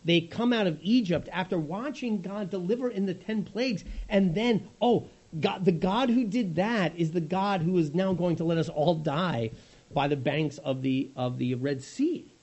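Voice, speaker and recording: A middle-aged man preaching a sermon in an animated, conversational storytelling manner. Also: sits high, normal speed, breathy edge, highs cut off.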